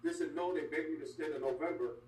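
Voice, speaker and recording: An older man, a former wrestler, telling stories bluntly in an interview, animated and full of asides. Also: on the high side, fast talker. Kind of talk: candid storytelling interview. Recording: echoey room, distant mic, faint hum.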